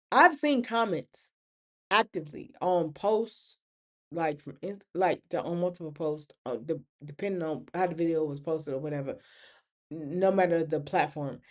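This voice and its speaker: A woman, hosting a casual TV recap talk and acting out characters' lines. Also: on the low side. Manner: animated, acts out characters' lines. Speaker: podcast host.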